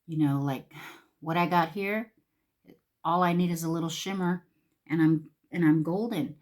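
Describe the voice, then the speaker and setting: A woman talks her way through a makeup look in a relaxed, chatty tutorial. Her voice sits a little low for a woman, and she often drops to a near whisper mid-thought before coming back up. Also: moderate pace. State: a little out of breath. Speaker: makeup vlogger. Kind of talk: casual makeup tutorial chat.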